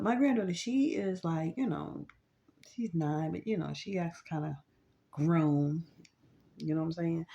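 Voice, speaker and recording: Grandmother vlogger with a warm, dark, low voice, who tells a rambling story with lots of fillers. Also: creaky, highs cut off. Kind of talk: casual storytelling vlog.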